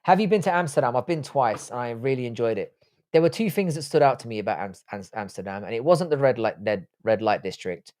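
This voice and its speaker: A man's voice: mid-range voice, expressive, fast, a little mellow. A man hosting a casual live stream, reading out viewer chat and answering it with loose, profane talk. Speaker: livestream host.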